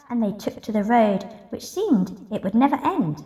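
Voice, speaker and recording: A woman reading a picture book aloud in an expressive, rhythmic way. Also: a little high, normal speed, hardly any pauses. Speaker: masked story reader. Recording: roomy echo, distant mic.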